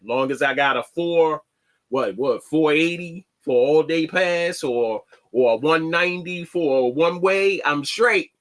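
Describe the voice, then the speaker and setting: Guy doing a slow, rambly show monologue, lots of repeats and slang. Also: on the high side, fairly bright tone. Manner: halting, repeats words and restarts often; plainspoken, slangy. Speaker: online show host. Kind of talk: casual commentary monologue.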